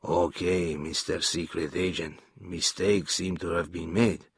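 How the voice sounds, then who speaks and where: A man voicing a cold, dangerous middle-aged assassin in a storybook reading, speaking low and hushed. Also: steady tone, unhurried, creaky, slightly rough, full character voice. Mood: bargaining.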